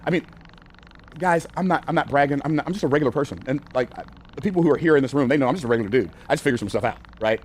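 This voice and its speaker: Fast-talking older male business coach. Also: mid-range voice, a little hiss or hum. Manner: energetic, conversational, repeats phrases for emphasis; casual, uses y'all and ain't. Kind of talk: teaching from a whiteboard.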